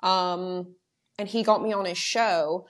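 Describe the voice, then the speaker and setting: A young woman from the United Kingdom, a journalist talking casually in an interview with lots of fillers and quick asides. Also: lowish voice. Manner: chatty, many fillers, quick animated asides. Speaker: journalist guest.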